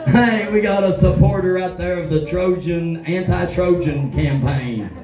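A man's voice: high-pitched, a little slow, reverberant, far from the mic, over music, poor audio. A man doing a crude, rowdy stand-up set and talking straight to a bar crowd. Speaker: stand-up comedian. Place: bar stage with a live audience.

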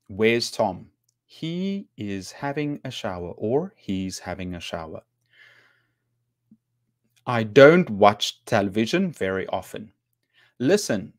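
A man teaching English grammar on a live stream, reading example sentences aloud slowly and patiently and greeting viewers by name. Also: lowish voice.

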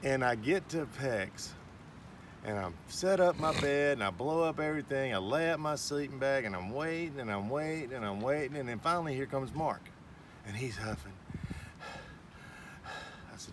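Middle-aged man, animated storyteller who voices the people in his story, mic set back, outdoor noise. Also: medium pitch, normal speed. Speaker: vlogger's father. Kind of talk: casual storytelling. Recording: distant outdoor mic with clear background noise.

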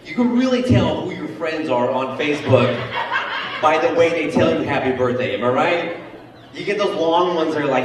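A man's voice: fairly high pitch, animated, moderate pace, noisy background. A man doing live stand-up comedy, brash and profane, teasing the audience with crowd work in a large club. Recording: echoey club from a distant mic. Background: audience laughter.

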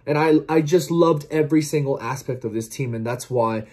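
A man's voice: fairly high pitch, normal speed, a little mellow, breathy edge. A man giving a heartfelt, earnest post-match reflection to camera as a football vlogger, often stumbling and repeating words. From outside England, watching from across the Atlantic.

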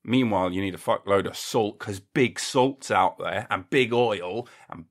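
A man's voice: fairly low pitch, a little slow. A man hosting a podcast in a casual comedic monologue, rambling and jokey, swearing freely and acting mock-indignant. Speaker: podcast host.

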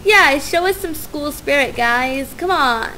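A young woman narrating her gameplay in a high, bubbly voice, gushing about how excited she is and tripping over her words. She talks in an unhurried way, with a faint hum behind her. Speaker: let's play gamer. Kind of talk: casual gameplay commentary.

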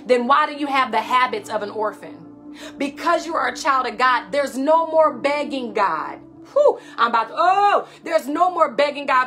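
Fervent high-voiced woman preaching over music. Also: lively intonation, normal speed. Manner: fervent, swinging from loud declarations to hushed prayer. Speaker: minister. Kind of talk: prophetic sermon.

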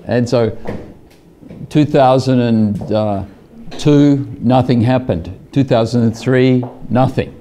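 An older man telling a casual personal anecdote, halting often on fillers and chuckling as he goes. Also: mid-range voice, mellow, slight background noise. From Australia. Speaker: scientist telling a personal story.

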